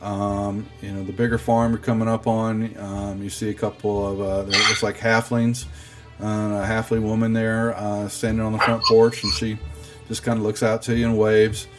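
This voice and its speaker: A man narrating as game master at a tabletop session, hesitant with many pauses. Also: on the low side, little pitch movement, music in the background.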